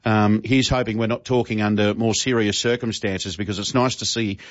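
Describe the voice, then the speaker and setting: A man's voice: on the low side, fairly even intonation, a little fast, no room sound, lo-fi sound. A man hosting talk radio, friendly and chatty. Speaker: radio host. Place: outdoors at a police station.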